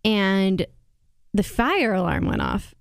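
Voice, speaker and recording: A woman chatting casually about movies and shows as a podcast co-host, animated and chatty. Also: medium pitch, slow, gravelly, clean tone, no echo, studio quality. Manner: animated, chatty, exaggerated impressions. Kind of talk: casual pop-culture chat.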